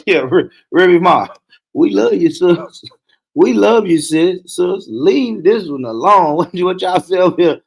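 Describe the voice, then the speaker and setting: A man's voice: sits high, animated, a little slow, vocal fry, husky. A man hosting a casual commentary stream, talking loosely and profanely and laughing often. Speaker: host.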